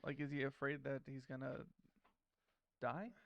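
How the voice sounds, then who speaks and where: Gravelly-voiced man co-hosting a podcast. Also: medium pitch, level tone, measured pace, no echo, dull audio. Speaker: podcast co-host. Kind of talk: casual movie-breakdown chat.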